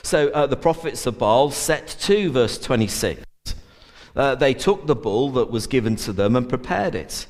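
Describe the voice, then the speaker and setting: A man's voice: medium pitch, expressive, moderate pace, a little mellow. A man preaching a sermon in an earnest way, with many fillers and restarts. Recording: long church reverb.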